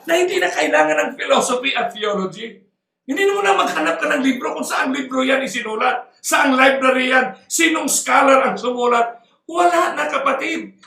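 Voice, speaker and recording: High, bright-voiced preacher. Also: male voice, gravelly, reverberant, recorded from a distance. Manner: emphatic, mixing Tagalog and English, slows to stress quoted verses, bursts of shouting. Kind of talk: sermon.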